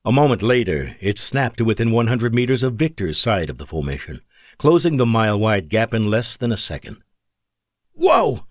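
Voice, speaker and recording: A man narrating an audiobook in a measured, dramatic way. His pitch moves lively through the sentences. The sound is close and dry, with no room around it. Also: dry recording. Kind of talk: scripted narration.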